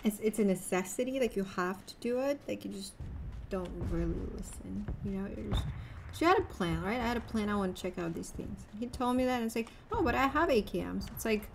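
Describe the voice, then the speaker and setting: A woman's voice: medium pitch, a little fast, vocal fry, slight background noise. A young woman streaming a game, chatting loosely and rambling to her viewers, with the odd swear. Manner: rambling, loose and swearing, talks straight to chat. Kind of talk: casual gameplay chat with viewers.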